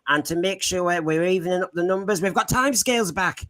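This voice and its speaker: A man's voice: high-pitched, fast, fairly bright tone. A man hosting a podcast panel, jokey and teasing, laughing often. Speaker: podcast host. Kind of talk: comic panel show chat.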